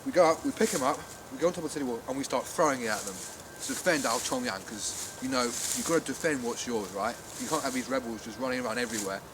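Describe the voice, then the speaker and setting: A man playing an excitable villager. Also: medium pitch, quick pace, lightly acted. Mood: excited. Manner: rambling, animated, full of restarts. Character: excitable male villager recounting a siege. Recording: steady background noise.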